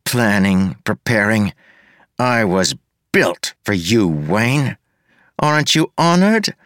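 A man's voice: fairly low pitch, very animated, slow pace, a bit bright, no room sound, clean studio sound, heavily acted. A man voicing a smug female villain who taunts and mocks her rival. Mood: gloating. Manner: mocking, taunting. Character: gloating female villain clone, cold and smug.

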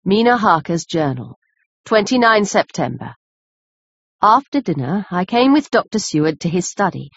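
A woman narrating a classic novel as an audiobook reader in a steady storytelling manner. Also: medium pitch, normal speed, no room sound. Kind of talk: scripted narration. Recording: dry, slightly muffled lo-fi recording.

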